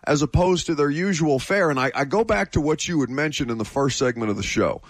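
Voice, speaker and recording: Reflective American sports radio co-host. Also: male voice, fairly high pitch, lively intonation, brisk, no room sound. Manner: reflective, rambling with restarts. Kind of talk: casual sports talk.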